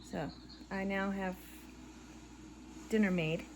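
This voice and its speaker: A middle-aged woman crocheting and chatting casually at home, rambling and tired, yawning between soft laughs. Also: mid-range voice, noisy background. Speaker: crochet vlogger. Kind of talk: casual chat while crocheting. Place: living room at home. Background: faint background audio playing.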